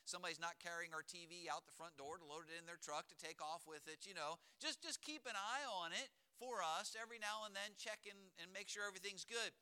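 Bright, emphatic preacher man. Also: high-pitched, clean tone. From Pennsylvania, US. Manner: storytelling, emphatic with slowed key words. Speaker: pastor. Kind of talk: sermon.

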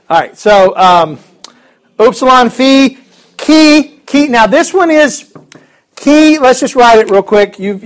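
A man teaching a Bible class in a casual, joking way, chuckling often and restarting his sentences. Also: high-pitched.

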